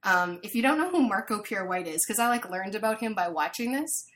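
Bright-voiced woman telling a story. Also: mid-range voice, brisk. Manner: animated storyteller, lots of fillers. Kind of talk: casual chat.

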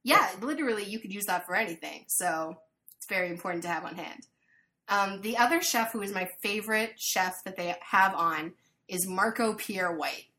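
A woman chatting casually, telling an animated story full of fillers. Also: mid-range voice, moderate pace. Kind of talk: casual chat.

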